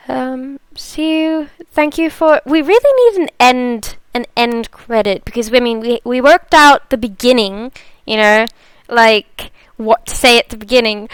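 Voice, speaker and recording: A woman's voice: on the high side, measured pace, fairly bright tone, clean tone, dry recording. A woman from South Africa hosting a live stream, chatting casually, laughing and reading out viewer comments. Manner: chatty, laughs often, reads chat aloud.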